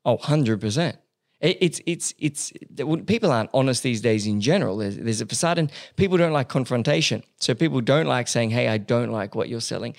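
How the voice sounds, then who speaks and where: A man's voice: mid-range voice, animated, fairly quick, gravelly. A man hosting a podcast, casually chatting and agreeing with his guest. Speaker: podcast host. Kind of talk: casual chat.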